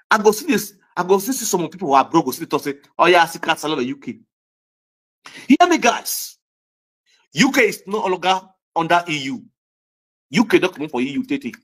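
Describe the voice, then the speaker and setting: High-voiced Nigerian man ranting. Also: a bit bright. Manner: heated, repetitive, scolding. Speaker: social media commentator. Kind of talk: ranting vlog monologue.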